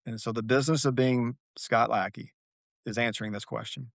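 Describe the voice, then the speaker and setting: A man's voice: mid-range voice, fairly even intonation, brisk, vocal fry, dry recording, clean studio sound. A man, a podcast guest, speaking earnestly and telling his story with a flair for drama, repeating key phrases for weight. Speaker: guest, author and athlete. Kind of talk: reflective podcast conversation.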